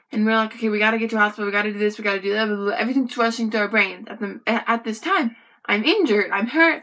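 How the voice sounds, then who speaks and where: A young woman talks straight to the camera, telling her own story in a chatty, animated way and turning to the viewer with quick asides. Her voice sits a little high and sounds bright and forceful. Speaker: vlogger.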